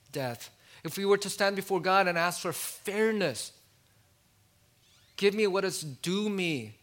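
A man preaching a sermon in a conversational way, asking his listeners questions and dropping low and quiet on key words. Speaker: pastor.

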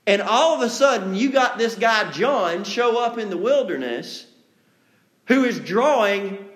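A man's voice: high voice, a bit bright. A man preaching an evening sermon to a congregation, talking in a conversational, folksy way and acting out quotes with sarcasm. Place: church room with a congregation.

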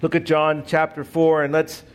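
Man preaching a sermon, somewhat high voice. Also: completely flat delivery, normal speed. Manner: storytelling with acted voices, then reading scripture. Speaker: pastor.

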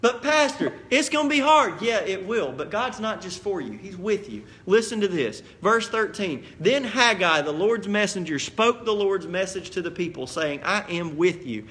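A man preaching as the pastor of a church, earnest and direct, dropping quiet then building to emphatic appeals. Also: high voice, animated, normal speed, hardly any pauses. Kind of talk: sermon. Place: church sanctuary.

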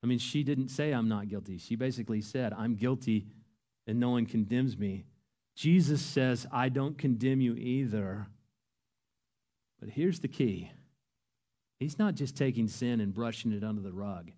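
A man preaching a sermon, earnest and emphatic, his voice rising to loud peaks. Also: mid-range voice, moderate pace. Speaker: pastor.

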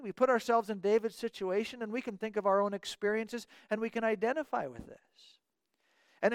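A man's voice: sits high, dry recording, studio quality. A man preaching a sermon in an earnest way, often doubling his words as he restarts a thought.

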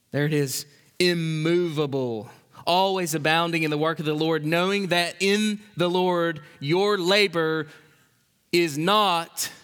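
A man preaching a sermon as a pastor, impassioned, swinging between loud exhortation and quiet emphasis. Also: high-pitched. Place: church sanctuary. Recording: long hall reverb.

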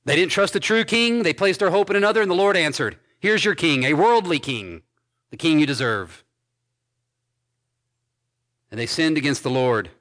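A man pastor preaching an expository sermon, reading scripture aloud and commenting on it with emphatic stresses and quiet endings. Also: on the high side, expressive, moderate pace, pauses often. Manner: emphatic preaching, swinging between loud stresses and dropped soft endings.

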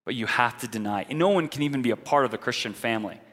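A man's voice: mid-range voice, racing, a bit bright, big-room sound. A man preaching a sermon in an earnest, direct way, now and then mocking the views he argues against.

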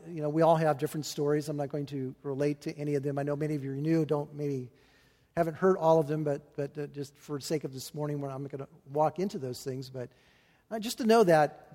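A man preaching a sermon as pastor, earnest and halting, often restarting his phrases with fillers. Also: a little high, dark tone. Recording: long hall reverb.

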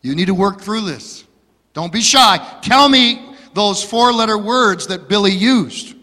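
A man's voice: high-pitched, measured pace, pushed and bright, long reverb tail. A preacher doing a coaxing mother. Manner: soothing, firm coaxing. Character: calm motherly woman, coaxing.

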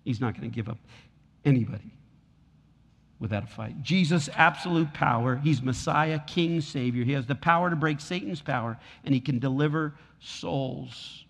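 In a church, a male pastor preaches a sermon with a gravelly, medium-pitched voice at normal speed, repeating lines and building in force. A long hall reverb colors the recording.

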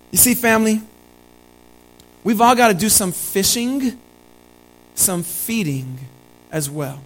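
High-voiced man preaching a sermon. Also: lively intonation, measured pace, long pauses, slight background noise, poor audio. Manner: earnest, repeats key phrases, calls listeners family. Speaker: pastor.

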